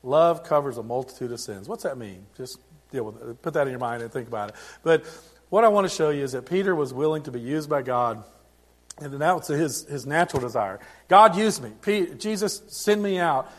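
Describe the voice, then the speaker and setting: A man's voice: mid-range voice, a little fast. Man preaching a sermon, conversational. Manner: conversational preaching with frequent restarts and swings in loudness. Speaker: pastor.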